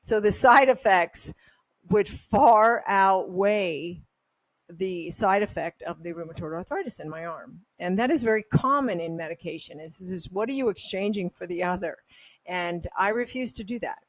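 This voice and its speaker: A woman's voice: medium pitch, expressive, moderate pace, no room sound. A woman hosting a health vlog, talking casually in a candid, opinionated, rambling way. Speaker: health supplement brand host. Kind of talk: casual talking-head monologue.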